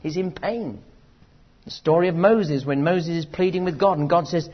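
A man preaching a sermon, animated, moving from loud urgent emphasis to quiet asides, on a dull lo-fi recording. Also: on the high side, normal speed.

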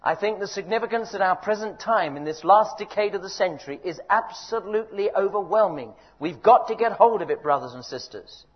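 An older man preaching a sermon, emphatic and exhorting, his voice rising loud and dropping quiet. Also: high-pitched, animated, fairly quick, few pauses, breathy edge. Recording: dull lo-fi recording.

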